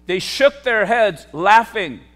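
A man, a pastor, preaching a sermon with emphatic, repetitive phrasing and sharp swings between loud declarations and hushed asides. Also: sits high, animated, takes it slowly, soft background music.

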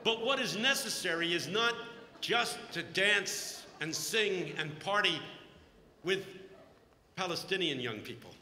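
A man's voice: high-pitched, measured pace, crowd noise. A man preaching a humorous sermon at a conference, telling stories with jokes in an echoey hall. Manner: joking, animated storytelling. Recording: echoey hall, long reverb.

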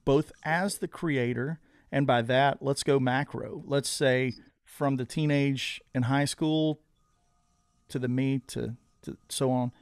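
A man's voice: medium pitch, fairly even intonation, takes it slowly, smooth, no echo, clean studio sound. A man hosting a casual podcast conversation, asking earnest questions and restarting his sentences often. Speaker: podcast host.

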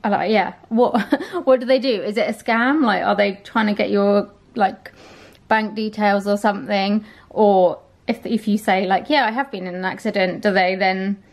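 A woman's voice: mid-range voice, fairly even intonation, unhurried, vocal fry, few pauses, a little mellow. A young woman vlogging in a casual chat, tired and sluggish, rambling with lots of ums and likes.

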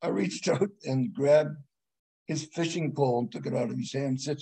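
A man's voice: medium pitch, normal speed, dark tone, slightly rough, rough recording. A man guest on a martial arts chat, telling a story in a laid-back way with laughs between lines. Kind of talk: casual chat.

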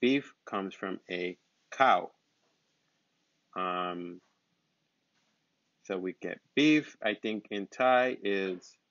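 Male teacher, lowish voice, patient drilling of simple words, lo-fi recording. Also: sharp tone, dry recording. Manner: repeats words slowly and patiently. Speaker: English teacher. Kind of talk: slow, simple vocabulary lesson. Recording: dull, lo-fi sound.

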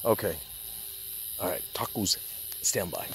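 A man's voice: lowish voice, animated, normal speed, long pauses, background noise. A man vlogging a night hunt outdoors in a casual, rambling, profane way, talking to his dog and the animal through a handheld camera. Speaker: hunting vlogger. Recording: loud night insects outdoors.

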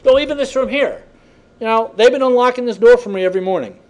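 A man's voice: very high voice, quick pace, dull audio. A man lecturing a class, telling chatty, folksy stories in a classroom. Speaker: college instructor.

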